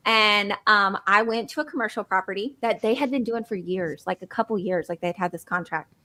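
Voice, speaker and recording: Bright, animated woman storyteller. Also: mid-range voice, a little fast. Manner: animated storytelling, giggly, acts out quotes. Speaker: business owner guest. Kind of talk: casual podcast chat.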